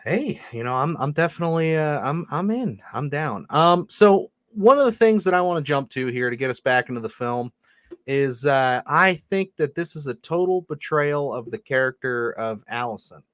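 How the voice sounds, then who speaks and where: A man's voice: fairly high pitch, expressive, moderate pace, a bit bright, dry recording. A man co-hosting a podcast, reviewing a film in blunt, profane, rambling casual chat. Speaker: podcast co-host.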